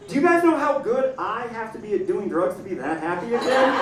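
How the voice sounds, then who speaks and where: A young man doing a stand-up comedy set, animated, acting out voices and yelling punchlines. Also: extremely high pitch, fairly quick, hardly any pauses, a crowd in the background. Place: comedy club stage. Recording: roomy club sound from a distance. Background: audience laughter.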